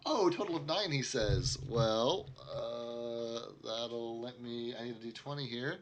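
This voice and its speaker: A man narrating and running a tabletop role-playing game as game master, laughing often between quick asides. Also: medium pitch, a crowd in the background.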